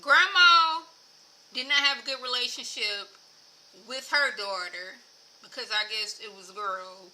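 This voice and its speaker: Woman vlogger, casual recap chat, high bright voice, faint room noise. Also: unhurried, poor audio. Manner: animated, chatty, lots of filler words.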